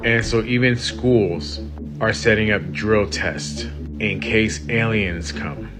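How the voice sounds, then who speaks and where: A man's voice: lowish voice, takes it slowly. A man talking in an urgent, conspiratorial way. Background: music.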